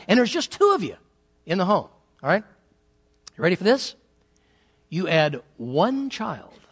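A man preaching a sermon as a pastor in church, telling stories and acting out family arguments. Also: high voice. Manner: animated storytelling, acts out family quarrels.

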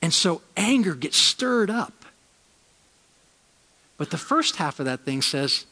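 A man preaching a sermon as a pastor, telling a personal story and repeating key lines slowly for emphasis. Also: on the high side, very animated, in a large hall. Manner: storytelling, shifts from loud emphasis to slow, quiet lines.

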